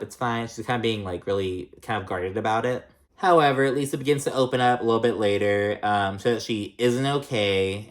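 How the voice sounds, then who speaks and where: Chatty, profane man recapping reality TV. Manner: chatty and profane, heavy use of "like"; jumps between pitch highs and lows when reacting. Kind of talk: casual recap commentary.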